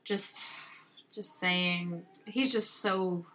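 A woman talks in a casual, chatty way, walking through the story beats and gushing as she goes. Her tone is bright and forward. She sounds a little distant from the microphone. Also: fairly low pitch, steady tone, very slow. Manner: chatty, recaps the plot, gushes. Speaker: podcast co-host. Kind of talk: casual TV recap chat. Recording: voice sits back from the mic.

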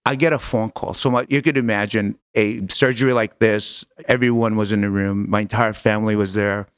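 A man's voice: lowish voice, steady tone, a little fast, smooth, dry recording, clean studio sound. A man, a podcast guest, telling his story in conversation, earnest and emphatic, repeating phrases for weight.

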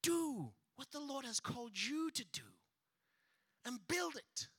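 A man preaching a sermon as pastor, swinging between loud shouted passages and hushed near-whispers and acting out quoted voices. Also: very high voice, big pitch swings, slow, breathy edge, dry recording, clean studio sound.

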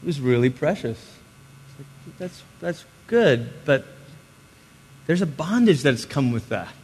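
A man's voice: medium pitch, big pitch swings, husky. A man preaching a sermon in a conversational way, acting out little inner voices as he teaches. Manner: conversational, acts out inner voices with quick shifts in loudness. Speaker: pastor. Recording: long hall reverb.

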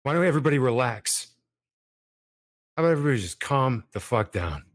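A man's voice: medium pitch, sing-song, brisk. Man playing a tabletop game. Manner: casual, in-character bargaining. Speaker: player.

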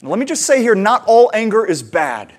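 A male pastor with a fairly high voice preaches a sermon in a loose, conversational style, speaking a little fast and dropping in fillers along the way. When he retells moments from home, he becomes lively and animated.

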